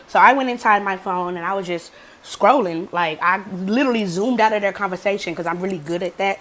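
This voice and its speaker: A woman's voice: medium pitch, a little fast. A young adult woman vlogger casually telling a story, cursing freely and acting out quotes. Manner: profane, animated storytelling with acted quotes.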